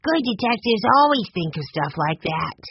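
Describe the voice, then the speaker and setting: A storyteller voicing an eager, excitable young boy detective who talks insistently and often jumps into a much higher register. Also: normal speed, slightly rough, lo-fi sound.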